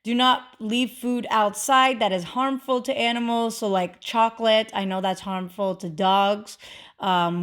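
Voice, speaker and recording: A woman's voice: mid-range voice, fairly bright tone. A woman hosting a casual instructional vlog, chatty, with lots of fillers and emphatic repeated warnings. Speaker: witchcraft video host.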